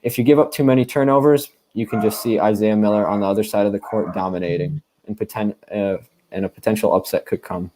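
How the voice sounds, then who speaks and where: A young man breaks down basketball matchups in a somewhat low voice. He talks emphatically, weighing teams against each other. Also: steady tone, fast talker, mellow, slight background noise. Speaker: panelist. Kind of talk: casual sports analysis.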